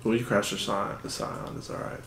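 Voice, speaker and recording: A man's voice: on the low side, little pitch movement, a little fast, a bit bright, slight background noise. A young man co-hosting a podcast, chiming in with crude, joking stories in casual chat. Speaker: podcast co-host. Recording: echoey room.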